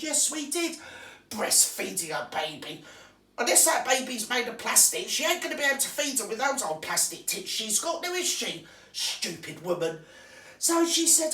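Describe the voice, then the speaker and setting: Brief: woman, comic rant, crude and scornful, pitch leaping all over, roomy sound set back from the mic. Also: fairly bright tone, far from the mic. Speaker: comic character host.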